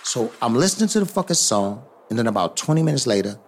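A middle-aged man telling a story casually, profane and animated, acting out other people's voices. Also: medium pitch, quick pace, slight background noise. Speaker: hip hop artist. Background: music.

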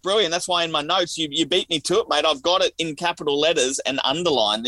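A man's voice: fairly high pitch, fairly quick, pushed and bright, no echo. An Australian man co-hosting a casual podcast, easygoing and laid-back, often repeating words as he talks. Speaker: podcast co-host. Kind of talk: casual chat.

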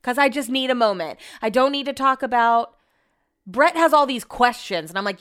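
Young woman, smooth and fairly high voice, ranting exasperated in a casual vlog. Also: animated, moderate pace, a bit bright. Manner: exasperated, ranting, swears freely. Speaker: vlogger.

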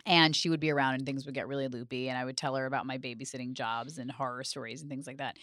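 A woman with a low, bright-edged voice tells long, rambling anecdotes in a casual podcast chat, full of fillers. The sound is dry and close. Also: fast, dry recording. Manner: rambling, animated anecdotes with frequent "like". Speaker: actress, podcast guest.

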